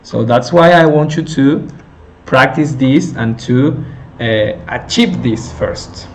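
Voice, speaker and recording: A male teacher slowly explaining a lesson step by step, with many fillers and self-corrections. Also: medium pitch, a little hiss or hum. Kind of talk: recorded lecture on intonation.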